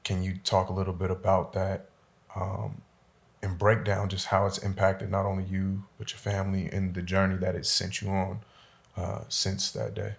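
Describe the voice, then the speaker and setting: A man hosting an interview podcast, asking calm, measured questions with small hesitations. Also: low-pitched, gravelly. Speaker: podcast host.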